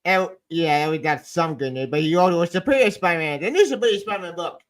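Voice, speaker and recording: A man's voice: on the high side, fast. A man co-hosting a casual comic book discussion, blunt and scornful in his opinions. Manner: blunt, scornful, animated complaints. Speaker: podcast co-host.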